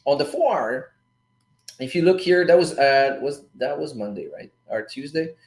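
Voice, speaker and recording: A man's voice: on the high side, animated, moderate pace, a little mellow, reverberant. A man hosting a casual live stream about forex trading, talking loosely to his viewers and swearing now and then. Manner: loose, chatty, swears casually, calls the audience "guys" and "dude". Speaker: livestream host teaching forex trading. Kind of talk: casual live-stream chat and trade breakdown.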